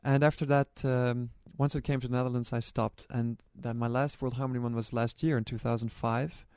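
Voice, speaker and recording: A man speaks at an ordinary pitch for his sex, with an earnest, storytelling manner, often restarting his sentences as he thinks. His voice is close and dry, with no room echo. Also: little pitch movement, a little fast, a little mellow, clear, resonant tone. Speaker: charity relay runner and organizer. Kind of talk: personal recollection to camera.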